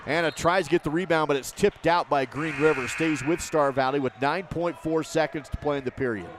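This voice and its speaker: Quick play-by-play man, raised pitch. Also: background noise. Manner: rapid running commentary, calls each pass and shot. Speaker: play-by-play announcer. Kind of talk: basketball play-by-play commentary.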